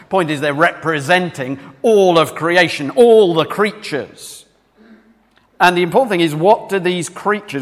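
With a big-room sound, a mid-range male voice delivers a church sermon in a conversational way, asking the congregation questions.

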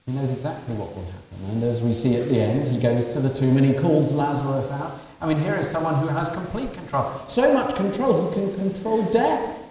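A male preacher with a mellow, warm voice delivers a sermon, asking rhetorical questions and moving between hushed and raised passages. He sounds far from the mic in a long, echoing hall, with a faint hiss underneath. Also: on the high side, a little fast, hardly any pauses. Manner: asks rhetorical questions and swings from quiet to loud.

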